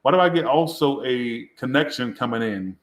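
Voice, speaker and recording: During a live tarot reading, a man with a medium-pitched voice and lively intonation speaks at a moderate pace. Sounding tipsy, he rambles crudely and jokes at his own expense in a room with a roomy echo.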